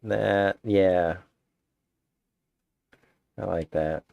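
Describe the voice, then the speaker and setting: A man's voice: low voice, steady tone, extremely slow, vocal fry, no room sound, dull audio. A man musing aloud in a meandering, casual monologue, restarting his sentences as he thinks.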